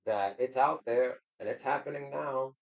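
Halting preachy man, muffled sound. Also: medium pitch. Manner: halting, preachy, repeats words. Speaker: podcast guest. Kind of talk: casual faith podcast chat.

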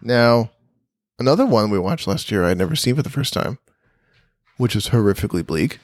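A man co-hosting a casual podcast, teasing his co-host playfully. His voice swings widely in pitch and sits in a middle register. The sound is dry and close, with no room echo. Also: lively intonation, fairly quick. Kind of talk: casual chat.

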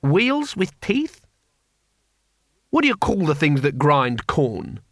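A man voicing a timid, fussy imperial taxman who speaks in an anxious, prim, high voice. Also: huge pitch swings, takes it slowly, fairly bright tone, dry recording, studio quality, heavily acted.

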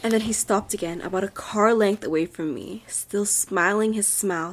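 A young woman with a soft, breathy voice reads a creepy story aloud for a podcast. She drops to a near whisper whenever the tension builds. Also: mid-range voice, moderate pace. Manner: drops to a whisper at tense moments. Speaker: podcast co-host reading a story. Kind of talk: dramatic horror story reading.

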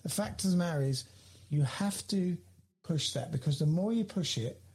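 Husky man, encouraging. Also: a little high, expressive, moderate pace, darkish tone. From United Kingdom. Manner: encouraging, repetitive, stammering restarts. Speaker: ministry leader guest. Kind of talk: casual ministry conversation.

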